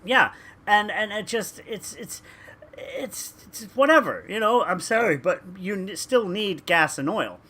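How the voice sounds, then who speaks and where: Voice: mid-range voice, animated, measured pace, pushed and bright, a little hiss or hum. A talker, ranting emphatically in casual podcast chat with stumbling restarts. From Canada.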